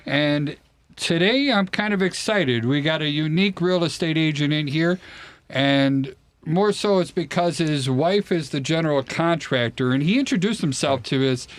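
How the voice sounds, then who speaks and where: A man's voice: on the high side, no echo. A man hosting a radio talk show, upbeat and chatty, introducing guests in the studio. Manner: upbeat, chatty, laughs often. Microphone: studio mic.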